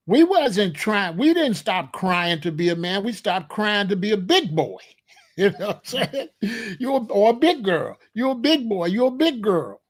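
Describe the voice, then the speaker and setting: A man hosting his own commentary, arguing emphatically with rhetorical questions and repeated points. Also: high-pitched. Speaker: commentary host. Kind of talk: casual spoken commentary.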